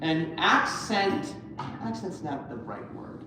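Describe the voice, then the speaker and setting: A man's voice: fairly high pitch, sing-song, slow pace. A man directing a choir rehearsal, coaching singers and singing short phrases to show them how. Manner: coaching, sings phrases to demonstrate. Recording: echoey, far from the mic, with music.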